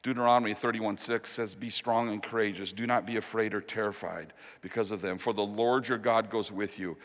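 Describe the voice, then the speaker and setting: A man preaching a sermon as pastor, earnest, dropping to a hushed, slow voice on the key promises. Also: lowish voice, steady tone. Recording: long reverb of a large hall.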